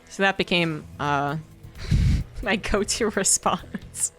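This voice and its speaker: A woman esports caster telling a casual, profane story with animated, incredulous outbursts. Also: mid-range voice, normal speed, faint music behind. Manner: animated, rising to incredulous outbursts when quoting herself; chatty, profane, laughs through the tale. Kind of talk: casual storytelling while casting.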